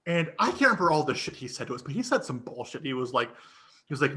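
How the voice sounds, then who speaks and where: A man co-hosting a podcast, telling a story in casual chat, animated and profane, laughing often and acting out what people said. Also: medium pitch, fast. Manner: animated, laughing storyteller who swears and acts out quotes. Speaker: podcast co-host.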